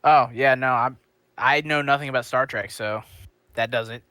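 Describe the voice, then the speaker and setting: A man's voice: medium pitch, fairly even intonation, normal speed, bright, forceful tone, no echo. A man co-hosting a casual talk show, talking in a loose, rambling way with many fillers. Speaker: podcast co-host.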